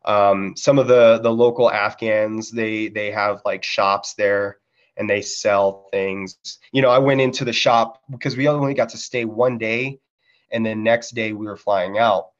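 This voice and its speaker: A man's voice: lowish voice, fairly even intonation, a little slow. A man telling casual stories from his military service as a podcast guest, laid-back and freely swearing, in a dull lo-fi recording. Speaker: podcast guest, Marine veteran. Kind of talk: casual storytelling chat.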